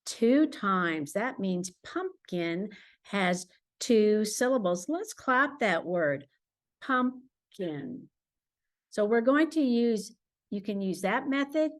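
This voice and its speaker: A woman teacher explaining reading games to parents at home, patient and clear, slowing down to model words the way she would for a child. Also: medium pitch, lively intonation. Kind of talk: instructional talk to parents.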